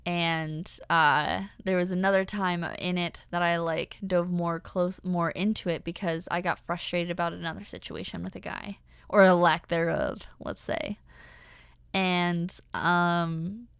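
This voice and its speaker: A young woman hosting a podcast in a casual personal monologue, chatty with lots of fillers and animated faith-centered asides. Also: lowish voice, unhurried, gravelly, clean tone, dry recording, clean studio sound. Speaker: podcast host.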